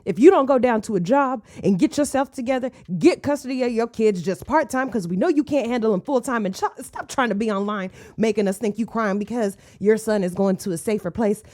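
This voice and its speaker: A woman's voice: on the high side, a little fast, few pauses, warm tone. A woman hosting a commentary channel, talking in a sassy, mocking, slangy way. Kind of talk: casual commentary.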